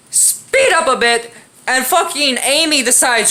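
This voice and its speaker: A woman's voice: high voice, lively intonation, normal speed, pushed and bright. A young woman in a casual comedic movie rant, profane and sarcastic. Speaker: movie reviewer.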